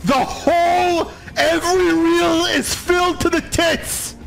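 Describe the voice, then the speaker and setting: Guy yelling his head off at a casino stream, super high voice, gravelly, hoarse, faint game music under it. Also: fairly even intonation, slow, rough recording. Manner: screaming and laughing in disbelief at wins. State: hoarse, voice nearly gone. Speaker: slot streamer. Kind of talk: excited live-stream reaction. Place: at home.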